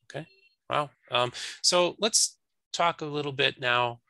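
A man interviewing a guest, speaking haltingly with restarts. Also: mid-range voice, creaky, bright, forceful tone, clear, resonant tone, dry recording. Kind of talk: conversational interview.

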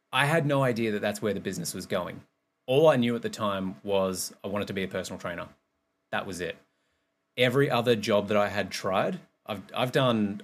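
A man's voice: fairly low pitch, fairly bright tone. Candid, swearing man. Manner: candid, rambling, swears freely. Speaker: podcast host and personal trainer. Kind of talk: casual monologue, also streamed live.

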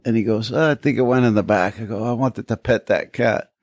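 A man's voice: lowish voice, a little fast, a little mellow, no room sound, clean studio sound. A man co-hosting a podcast in casual chat, rambling through anecdotes and acting out the people in them. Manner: rambling storyteller, acts out quoted people. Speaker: podcast co-host.

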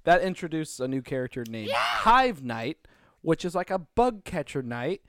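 A man rambles about video games in relaxed group chat, laughing often between thoughts. His pitch bounces around a lot. The sound is dry and close. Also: moderate pace, dry recording.

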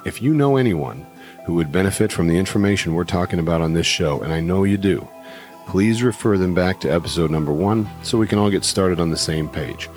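A man hosting a wellness podcast, explaining in an earnest, measured way. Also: low voice, a little mellow, faint music behind. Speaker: podcast host. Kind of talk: casual podcast chat.

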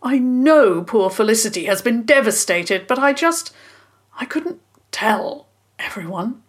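A woman's voice: a little high, lively intonation, a little slow. A woman voicing a spluttering guilty man. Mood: guilt-ridden. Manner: spluttering, apologetic, sighing. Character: flustered guilty middle-aged man caught out.

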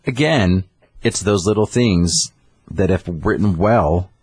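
Man, very low voice, husky, dry close sound, casual storytelling chat. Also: takes it slowly, no room sound. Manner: animated storytelling, acting out characters. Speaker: comic book podcast co-host.

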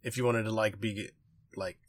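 A man's voice: fairly low pitch, level tone, normal speed. A laid-back man co-hosting a casual gaming podcast, mumbling with lots of filler words. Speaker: podcast co-host.

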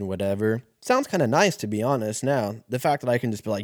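A man's voice: mid-range voice, animated, quick pace, hardly any pauses, no echo, clean studio sound. A man in his thirties telling a casual, rambling, profane story as a podcast host.

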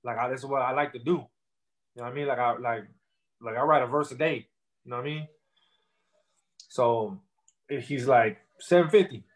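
A man's voice: mid-range voice, steady tone, normal speed, long pauses. Man in his thirties, rapper guest, easygoing and profane, talks in a mid-range voice. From Texas. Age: 30s. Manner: loose, profane storytelling with many fillers. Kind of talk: casual interview.

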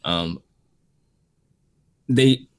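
A man draws out his words in a low, clear, resonant voice while reviewing an anime series in casual podcast conversation. He rambles in a relaxed way, leaning heavily on "like" as a filler.

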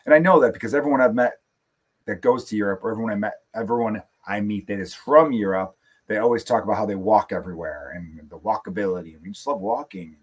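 A man from the United States riffs through a solo podcast rant, cursing freely and wandering off on jokes. His voice sits fairly low with a husky, slightly rough edge, recorded close on a studio microphone. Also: fast talker. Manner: profane, joking, rambling asides. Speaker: podcast host. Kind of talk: casual solo comedic rant.

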